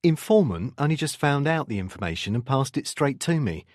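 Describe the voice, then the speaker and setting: A man's voice: mid-range voice, a little fast, no echo, studio quality, pitched above the performer's own voice, close to an everyday voice. A man voicing a self-assured, hard-boiled male detective with a London accent in an audiobook. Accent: London English. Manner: calm, reassuring.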